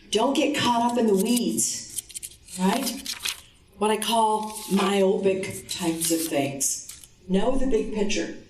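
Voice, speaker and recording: A woman giving a motivational conference talk. She tells a story and acts out the dialogue, dropping her voice low for the man. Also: darkish tone, slight background noise. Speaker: conference speaker. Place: conference hall. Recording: roomy hall, distant mic.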